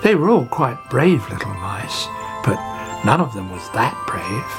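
A woman narrating a children's storybook in an expressive, gently paced way. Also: a bass voice, a little slow. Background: music.

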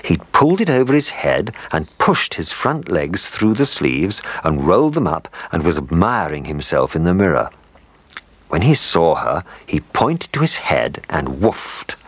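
A man reading a children's story aloud, gentle and animated, with playful asides to the listener. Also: low-pitched, unhurried, slightly rough, no echo. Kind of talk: scripted storybook narration.

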